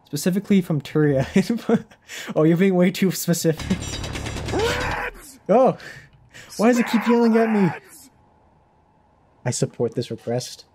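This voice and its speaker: A young man talks through his game stream in a loose, rambling way, restarting sentences and breaking into laughter. His voice sits a little higher than most men's. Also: animated, unhurried, long pauses, warm tone, a little hiss or hum. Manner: rambling, self-interrupting, laughs often. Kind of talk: casual live-stream chatter.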